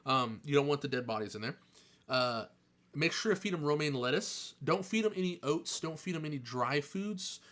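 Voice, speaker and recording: A man casually answering chat questions on a live stream, chatty and excitable, joking and laughing often. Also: fairly high pitch, normal speed.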